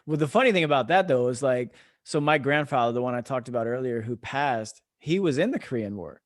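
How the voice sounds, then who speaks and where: A man's voice: medium pitch, lively intonation, brisk, dry recording, studio quality. An American man in his thirties, an army veteran hosting a casual podcast chat, telling stories animatedly and swearing freely. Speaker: podcast host; army veteran, former drill sergeant.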